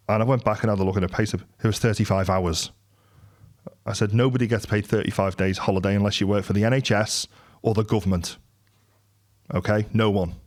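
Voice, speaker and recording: A middle-aged man, a podcast host and entrepreneur telling a story in a casual monologue, acting out the quoted dialogue with lively energy. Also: fairly low pitch.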